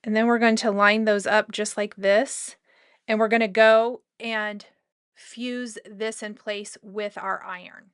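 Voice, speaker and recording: A woman's voice: medium pitch, slow pace, clear, resonant tone, dry recording, clean studio sound. Chatty woman explaining a sewing project. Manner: chatty and relaxed, with loose asides. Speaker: sewing tutorial host. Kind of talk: casual step-by-step craft tutorial.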